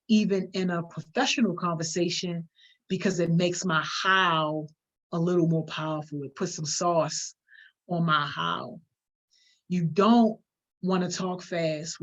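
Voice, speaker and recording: A woman teaching public speaking in a live online workshop, talking in an emphatic, conversational way with everyday slang. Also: on the low side. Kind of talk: live-streamed workshop, reading viewer comments. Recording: dull lo-fi stream audio.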